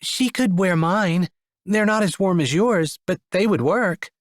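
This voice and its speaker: A male narrator voicing a wry, lightly teasing young woman in an audiobook, with his voice raised well above its usual pitch. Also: unhurried, dry recording, studio quality. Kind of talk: audiobook character voice.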